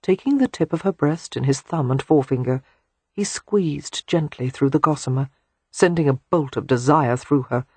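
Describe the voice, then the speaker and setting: Hushed, husky audiobook narrator. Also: mid-range voice, animated, normal speed, no echo. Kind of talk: scripted romance narration.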